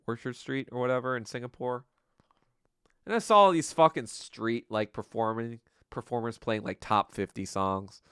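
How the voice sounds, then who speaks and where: A man's voice: fairly low pitch, a bit bright, smooth, no echo, studio quality. A young man hosting a solo podcast, rambling and ranting in a crude, sarcastic, profane way. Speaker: podcast host. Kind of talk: casual solo livestream rant.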